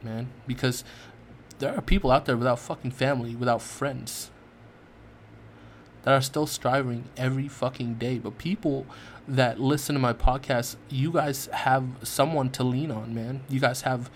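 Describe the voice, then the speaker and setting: A man speaks into his podcast mic in a voice of ordinary middle pitch, earnest and raw, stumbling over his words and swearing as he goes. A faint hiss of noise sits under his voice. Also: fairly even intonation, moderate pace. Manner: earnest, repetitive restarts, heavy swearing. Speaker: podcast host. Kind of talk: heartfelt personal monologue.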